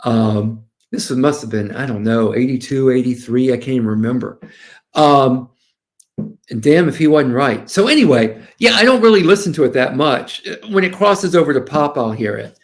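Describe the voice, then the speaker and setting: Gravelly older man telling courtroom stories. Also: medium pitch, moderate pace. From Southern United States. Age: 60s. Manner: animated, storytelling, quoting others. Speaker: defense lawyer guest. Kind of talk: casual interview talk.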